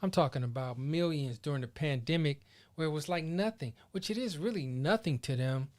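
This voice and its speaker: A man hosting his own podcast solo, chatting casually in animated, slangy riffs. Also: on the high side, a little fast. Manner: animated, slangy, playful riffing. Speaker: podcast host.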